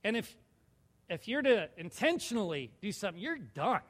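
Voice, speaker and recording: A man's voice: sits high, sing-song, moderate pace, a bit bright, long reverb tail. A male pastor preaching a sermon, reading scripture aloud with rising intensity and asking his congregation questions. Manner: asks the congregation questions, jokes with them.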